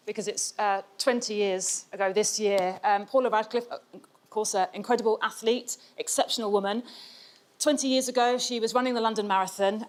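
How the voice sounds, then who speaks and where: A woman doing a stand-up comedy set before a studio audience, chatty and hesitant, often laughing through her own jokes. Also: fairly high pitch.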